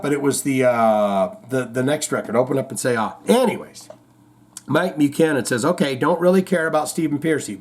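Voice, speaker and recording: A man hosting a show in casual chat, rambling, reading out viewer comments and telling corny jokes. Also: a little high. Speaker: host.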